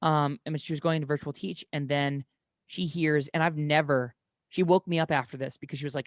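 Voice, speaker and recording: A young man's voice sits a little high and comes across dry and close. He talks loosely, in long rambling stories full of restarts and self-corrections, as in a casual chat. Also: fairly even intonation, a little fast, no echo. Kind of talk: casual conversation.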